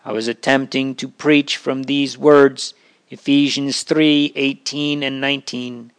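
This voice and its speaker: A man's voice: mid-range voice, flat delivery, measured pace, clean tone. A man reading an old religious memoir aloud in a solemn, earnest way. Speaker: reader.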